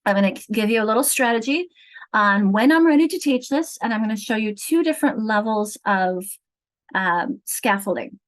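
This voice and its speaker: A woman's voice: fairly high pitch, lively intonation, normal speed, poor audio. Patient woman teaching reading online. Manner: clear, patient teacherly explaining. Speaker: literacy trainer. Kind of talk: online teacher training lesson. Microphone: video call.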